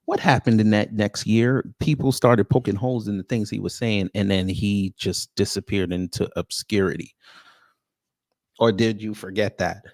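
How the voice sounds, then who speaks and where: A man's voice: lowish voice, steady tone, moderate pace, darkish tone, no room sound, studio quality. A man hosting a live reaction stream, talking casually and mockingly, often breaking into laughter.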